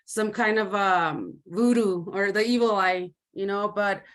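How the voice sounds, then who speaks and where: A woman from Colorado speaks in a halting, earnest way and drops Spanish words into her talk. Her pitch sits in an ordinary middle range, and she fills her pauses with "um" and "uh" as she gives personal testimony on a video call. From Commerce City, Colorado. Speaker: community advocate.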